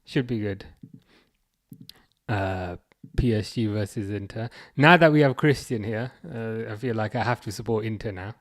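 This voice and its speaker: Fairly low-pitched and a little slow, a Birmingham-accented man reads out viewer comments during his football watchalong stream. The live-chat commentary is casual, full of restarts and chuckles.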